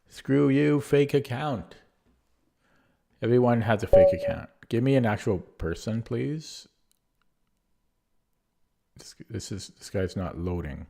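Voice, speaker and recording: This chess streamer has a lowish, mellow voice and casually commentates his own online games. He thinks aloud with lots of fillers and restarts, and he's clearly losing his voice as it wears out.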